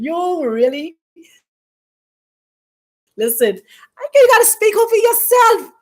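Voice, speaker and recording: A woman hosting a spiritual teaching talk, speaking in an emphatic, preacherly way with repeated, drawn-out phrases. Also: extremely high pitch, animated. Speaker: host.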